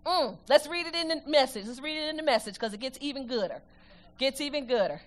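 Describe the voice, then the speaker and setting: Lively high-voiced woman preaching. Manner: lively preaching, reads scripture slowly with the congregation. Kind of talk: sermon.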